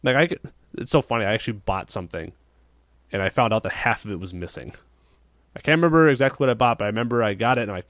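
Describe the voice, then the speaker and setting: Fast-talking male podcast host, profane and rambling, recorded dry and close. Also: on the low side, animated, fairly bright tone, dry recording. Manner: rambling, profane storytelling with frequent restarts. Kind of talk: casual chat.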